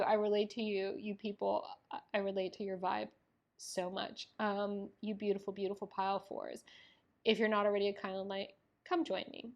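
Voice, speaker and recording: A woman's voice: mid-range voice, fairly even intonation, a little fast. A young woman giving a tarot reading, talking in a gushing, effusive way with many fillers. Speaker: tarot reader.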